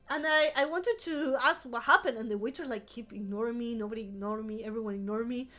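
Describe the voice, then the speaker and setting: A woman's voice: on the high side, quick pace, few pauses, pushed and bright, soft background music. A woman streamer telling a rambling story in casual live-stream chat, swearing freely and laughing often. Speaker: vtuber streamer.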